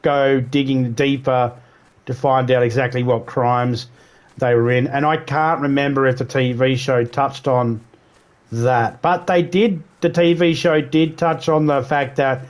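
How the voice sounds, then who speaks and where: A man's voice: mid-range voice, steady tone, unhurried. An Australian man livestreaming, chatting casually with viewers in a rambling way, swearing freely and mimicking accents. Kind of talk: casual chat.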